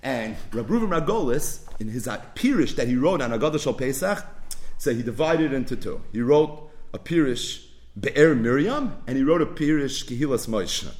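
A man's voice: mid-range voice, darkish tone, roomy sound. A man giving a daily Talmud lesson, asking questions aloud and mixing Hebrew and Yiddish terms into English. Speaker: Talmud teacher.

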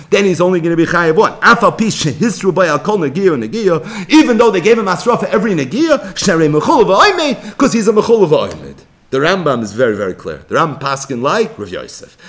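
A man's voice: high-pitched, a bit bright. A man with an American Yeshivish accent giving a Talmud lecture, chanting source phrases and then translating them. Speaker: Talmud teacher.

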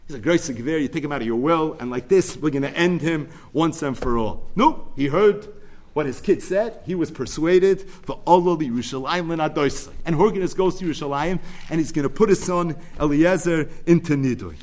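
A man teaching a Torah class, retelling a midrash with animated storytelling that swings between loud, emphatic bursts and quiet asides, and he sprinkles Hebrew and Yiddish terms into his English. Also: a little high, a little fast.

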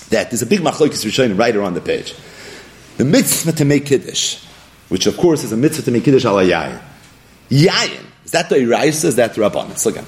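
A man's voice: medium pitch, a little hiss or hum. A man giving a Talmud study lecture, animatedly posing questions and then answering them himself. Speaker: Talmud teacher.

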